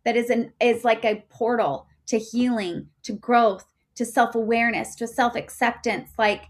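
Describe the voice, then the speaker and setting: A woman in her thirties, a podcast guest telling a personal story in a chatty way, full of fillers and getting loud when excited. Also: on the high side, normal speed.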